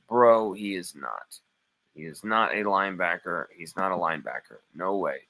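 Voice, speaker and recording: A man's voice: fairly low pitch, moderate pace, pushed and bright, rough recording. A man hosting a live sports stream, reading chat comments aloud and arguing back with playful mock indignation.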